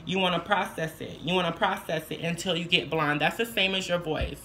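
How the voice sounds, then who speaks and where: A trans woman talks through her voice-feminization tips in a loose, chatty vlog, tossing in sassy, playful asides. Her voice is bright and forward, with a faint hiss of noise behind it. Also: lowish voice, fairly even intonation, brisk. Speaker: vlogger giving voice tips. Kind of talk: casual advice vlog.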